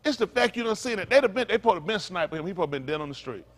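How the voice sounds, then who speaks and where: A man's voice: sits high, expressive, racing. A man preaching to a congregation in a fiery, emphatic way, repeating his points and throwing in mocking asides. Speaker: pastor.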